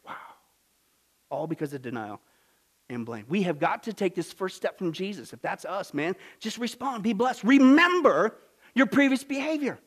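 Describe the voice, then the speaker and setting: Pastor, male, very high voice, dynamic delivery that jumps between soft and loud. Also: lively intonation, normal speed. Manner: dynamic, swings from hushed to loud, repeats "listen". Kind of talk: sermon.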